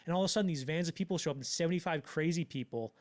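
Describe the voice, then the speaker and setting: A man casually telling a wild story on a podcast, acting out the people in it with loud bursts and lots of fillers. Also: a little high. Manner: animated storyteller, acts out quotes with loud bursts; fast, loose, lots of fillers. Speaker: podcast co-host.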